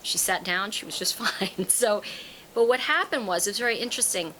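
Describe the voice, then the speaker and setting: A woman's voice: medium pitch, a little fast, a little hiss or hum, rough recording. A woman who reads tarot cards and teaches, talking casually to an audience and acting out the people in her stories. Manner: animated storyteller, acts out quoted voices. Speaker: tarot card reader and teacher. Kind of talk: casual spoken talk to an audience.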